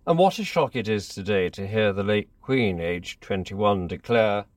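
A man, a columnist, reading his own essay aloud in a measured, deliberate manner. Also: on the low side, expressive, dry recording, studio quality, recorded from a distance.

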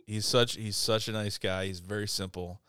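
A man co-hosting a casual podcast chat, telling animated stories, laughing often and swearing a lot. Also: on the low side, moderate pace, clear, resonant tone, no room sound, studio quality. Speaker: podcast co-host.

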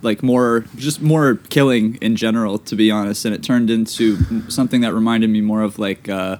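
A man's voice: lowish voice, fairly even intonation, normal speed, darkish tone, a little hiss or hum. A man joining a casual podcast talk about films, easygoing and brief. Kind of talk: casual film discussion.

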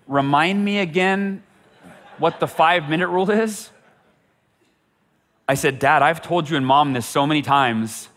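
A man's voice: mid-range voice, a bit bright. Middle-aged guy doing a motivational talk, earnest storytelling, repeats himself a lot. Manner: earnest, repeats words when emphasizing. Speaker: motivational speaker.

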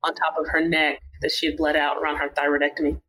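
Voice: mid-range voice, fast talker, rough recording. A surgeon and author, a guest on a casual interview, telling hospital stories and acting out the quoted lines. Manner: animated, acts out quoted dialogue in the telling.

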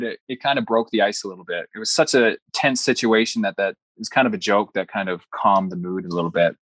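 A young man recounts a personal story as an interview guest, in an earnest voice that moves easily between narration and quoted speech. His pitch sits in the middle range, and the recording is dry and close. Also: no echo.

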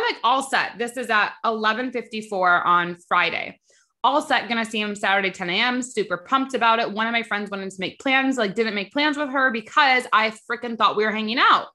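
Young adult woman, podcast host, bright tense tone, casual emphatic storytelling with swearing. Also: mid-range voice. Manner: chatty, emphatic, swears freely, rants when irritated.

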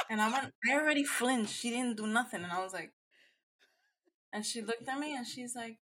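A woman guest on a casual podcast, telling personal stories in an animated way and acting out quotes. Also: on the high side, normal speed, husky. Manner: animated, acts out quotes in Spanish.

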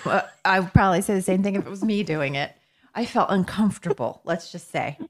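A woman's voice: medium pitch, a little fast. A woman co-hosting a casual podcast, giggly and self-deprecating as she chats. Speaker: podcast co-host. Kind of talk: casual chat.

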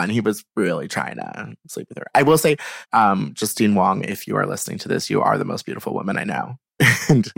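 A man tells stories as a podcast guest, chatty and animated, quoting other people as he goes. His voice sits low with a gravelly edge but swings widely in pitch. The recording is dry and close. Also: dry recording. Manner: laughs easily while telling stories. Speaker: guest photographer. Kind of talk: casual interview storytelling.

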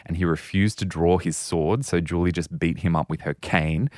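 A man co-hosting a podcast, telling a history story in a relaxed, dry-humored way. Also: low voice, normal speed, background noise. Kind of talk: casual chat, storytelling.

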